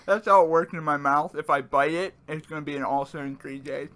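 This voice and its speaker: A man's voice: on the high side, a little fast, fairly bright tone. A man co-hosting a casual podcast, joking around and talking with his mouth full. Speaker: podcast co-host. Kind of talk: casual chat while eating.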